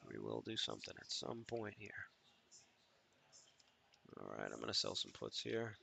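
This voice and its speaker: Profane man thinking aloud, sharp voice. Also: lowish voice, sing-song, normal speed, gravelly. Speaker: trader hosting a live stream. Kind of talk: live trading commentary.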